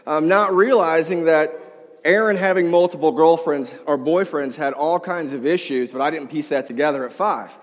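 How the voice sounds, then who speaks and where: A man's voice: a little high, lively intonation, moderate pace. A middle-aged male pastor telling a humorous, self-deprecating story in a sermon to a live audience. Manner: self-deprecating, humorous, acts out quoted voices. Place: large hall before a live audience. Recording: long hall reverb.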